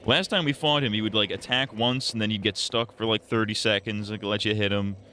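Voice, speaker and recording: Low-voiced young man streaming a game. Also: fairly even intonation, a little fast, sharp tone, a little hiss or hum. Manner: joking, swearing, rambling. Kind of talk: crude live gaming commentary.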